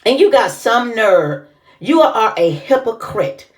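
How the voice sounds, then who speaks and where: A woman's voice: fairly high pitch, big pitch swings, takes it slowly. A woman giving casual reaction commentary, indignant and scolding in her delivery. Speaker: commentary vlogger.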